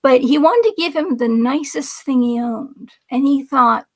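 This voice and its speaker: A woman's voice: high voice, a little slow, a little mellow. A middle-aged woman hosting a casual political commentary livestream, chatting, reading viewer comments aloud and laughing often. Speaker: livestream host.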